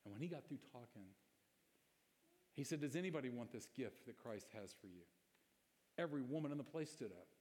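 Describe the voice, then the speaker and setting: A man's voice: medium pitch, expressive, a little fast, long pauses, darkish tone. A man preaching a sermon as pastor, moving from storytelling into impassioned exhortation. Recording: long hall reverb.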